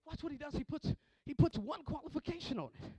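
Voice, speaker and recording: A male pastor preaching a sermon, calling out to the congregation and swinging from hushed storytelling to shouting. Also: extremely high pitch, expressive, fast talker, no room sound.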